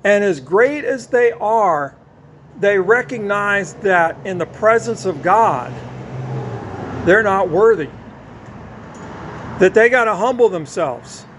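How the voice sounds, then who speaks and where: A man preaching a sermon, teaching slowly and drawing out his stressed words. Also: high-pitched, expressive, a bit bright, slight background noise. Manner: slow, emphatic teaching with drawn-out stressed words.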